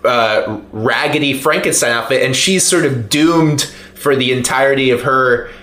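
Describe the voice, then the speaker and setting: A man's voice: mid-range voice, moderate pace, bright, forceful tone. A man co-hosting a podcast, playful and musing aloud in casual chat. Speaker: podcast co-host. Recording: roomy echo.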